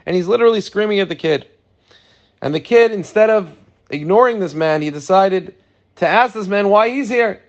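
A man's voice: high voice, normal speed, muffled recording. A man giving an earnest sermon, telling a story to make his point. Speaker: preacher.

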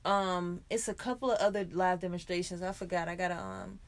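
A woman's voice: lowish voice, brisk. A woman co-hosting a podcast in casual chat, frank and profane, laughing often. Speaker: podcast co-host.

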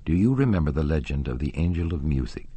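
A man's voice: a bass voice, big pitch swings, fast talker, dark tone, breathy edge, heavily acted. A man reading aloud and voicing an earnest, intense young woman singer in a storybook. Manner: pleading, rising to indignant.

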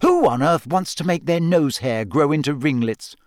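A man voicing a studious, insistent teenage girl with a brisk, cross manner, in a storybook reading. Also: a little high, animated, darkish tone, no room sound, clean studio sound, lightly acted.

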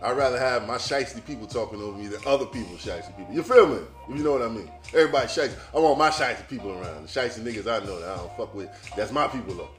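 A man hosting a podcast, talking in a loose, profane and animated casual monologue straight to his listeners. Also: fairly low pitch, rapid-fire, few pauses, roomy sound, faint music behind. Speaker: podcast host.

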